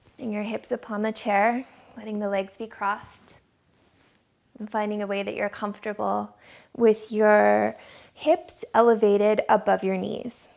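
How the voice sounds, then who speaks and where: A woman yoga instructor leading a gentle class from her living room in a slow, soothing guiding voice. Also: mid-range voice, little pitch movement, gravelly.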